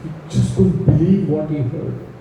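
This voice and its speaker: A man's voice: a little high, fairly even intonation, moderate pace, dark tone, slight background noise. Man telling scripture in an echoey hall. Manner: acts out the king's pleas in a raised voice; asks the audience questions. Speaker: temple speaker telling scripture. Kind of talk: storytelling discourse to a seated audience. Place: temple hall. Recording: echoey hall, mic at a distance.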